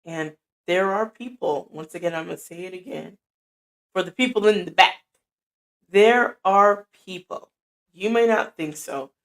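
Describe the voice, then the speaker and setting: A middle-aged woman with a deep, soothing, grounded voice, giving a casual motivational talk and acting out both sides of conversations. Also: normal speed. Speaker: podcaster. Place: indoor room at night.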